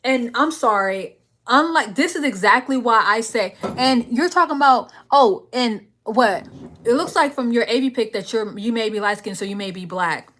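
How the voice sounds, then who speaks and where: A young woman hosts a late-night live stream and fires back at a commenter in a sassy, confrontational rant. Between bursts she drops low to mutter chat messages half under her breath. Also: moderate pace, fairly bright tone. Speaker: livestream host.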